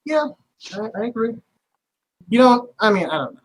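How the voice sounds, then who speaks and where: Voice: medium pitch, sing-song, moderate pace, slightly rough, low-quality recording. Laid-back game master with a chatty voice. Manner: laughing, loose, lots of fillers. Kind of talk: running a tabletop game, casual.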